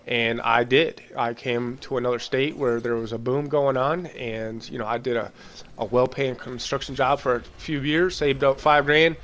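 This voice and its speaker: A man's voice: medium pitch, fairly even intonation, normal speed, fairly bright tone. A man from Michigan hosting a gaming channel, giving casual gameplay commentary that is blunt, rambling and full of swearing. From Michigan, USA.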